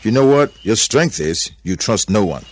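A man's voice: on the low side, very animated, moderate pace, slight background noise, voice pushed up. A man voicing a playful, carefree male gorilla who talks in a boisterous, joking way.

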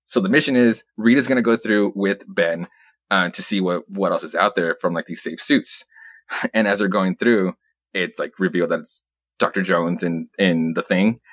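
At a normal speed, a young podcast co-host with a low, slightly bright voice recaps a comic book. His talk is rambling and profane, full of laughter and passing quotes from the characters, in a dry recording.

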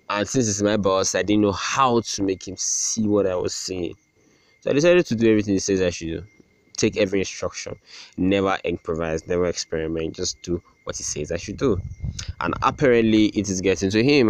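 Young male podcast host, very low voice, dry close mic, rambling and sarcastic. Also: a little mellow, no echo. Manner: rambling, sarcastic, self-deprecating, with many restarts. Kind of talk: casual solo podcast rant.

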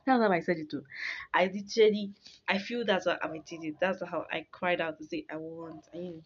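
Young woman telling her testimony, animated, chatty, kinda dull lo-fi sound. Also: lowish voice, brisk, slightly rough. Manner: animated, laughs and restarts while telling a story. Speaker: storyteller sharing a testimony. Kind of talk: casual faith testimony. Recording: dull lo-fi recording.

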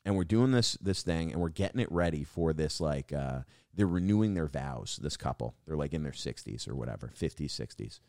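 A man's voice: extremely low pitch, animated, a little fast, vocal fry, a little mellow, no room sound, clean studio sound. A young man, a guest comedian, telling a long story on a podcast in a casual, profane way and saying "dude" constantly.

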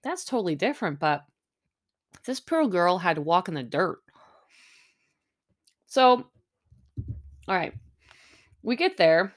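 A middle-aged woman recapping a reality show in a loose, chatty podcast voice, a touch low for a woman. She talks close to the mic and drops sarcastic asides between fillers and restarts. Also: sing-song, takes it slowly, long pauses. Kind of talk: casual chat. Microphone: close mic, chewing audible.

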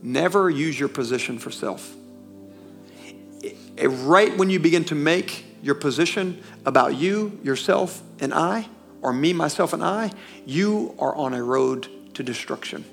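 A male preacher delivers an emphatic sermon, calling out to the congregation. His voice sits fairly high. Faint music plays underneath. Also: lively intonation, a little slow, gravelly. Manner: emphatic, calls for congregation response, folksy asides.

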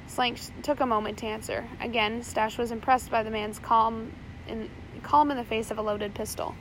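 A woman narrating an audiobook chapter in a steady reading voice, with occasional small slips. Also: fairly high pitch, normal speed, slight background noise, poor audio.

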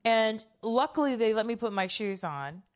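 A woman's voice: fairly high pitch, expressive, normal speed. A middle-aged woman telling a personal story in a casual, candid way, swearing freely and acting out quoted lines.

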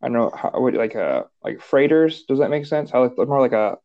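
A man's voice: medium pitch, expressive, a little fast, vocal fry, highs cut off. A man co-hosting a casual podcast, rambling along with lots of "like.". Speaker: podcast co-host.

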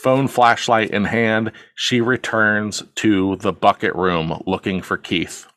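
A man's voice: on the low side, fairly even intonation, slow, fairly bright tone, no room sound, studio quality. A man hosting a podcast, casually retelling a film scene by scene and acting out the characters' lines, swearing freely. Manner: storytelling, acts out quotes, swears casually. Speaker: podcast host.

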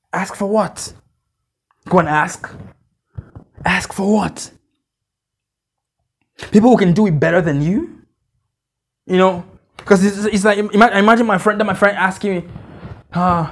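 Repeating phrases and checking in with his listeners, a high-voiced male pastor delivers a conversational sermon at a church conference.

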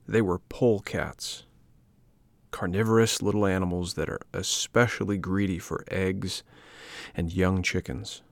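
A man reading a children's storybook aloud as narrator, in a measured, plain way. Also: sits low, steady tone, gravelly, no room sound.

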